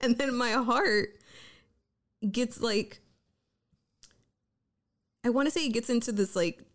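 A woman's voice: fairly high pitch, takes it slowly. A young woman co-hosting a casual chat, blunt and playful, often laughing. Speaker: podcast co-host.

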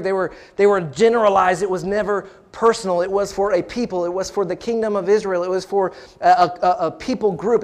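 A male pastor preaching a sermon, repeating phrases and calling out to the congregation. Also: high voice.

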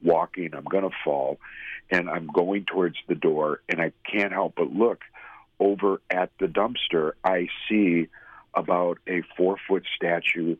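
Deep raspy guy telling his story haltingly, tinny phone sound, dry. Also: steady tone, no echo. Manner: halting storytelling with restarts, emotional. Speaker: guest, former radio host. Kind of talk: personal testimony in an interview.

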